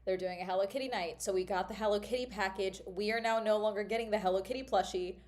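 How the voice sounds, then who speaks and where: A woman's voice: medium pitch, steady tone, fast talker, a little mellow. Chatty woman streaming casually. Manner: chatty, rambling, laughing and exasperated. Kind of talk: casual livestream chat. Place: at home at a laptop.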